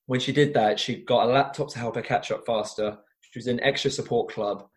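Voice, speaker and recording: A man's voice: mid-range voice, a little fast. Earnest young man telling stories. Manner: earnest, animated storyteller with frequent restarts. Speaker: guest, former teacher and youth coach. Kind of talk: conversational interview storytelling.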